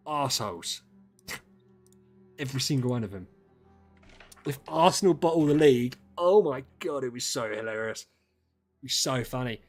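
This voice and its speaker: A young man chatting casually on a livestream, ranting in an animated way and swearing freely. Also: on the high side. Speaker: streamer.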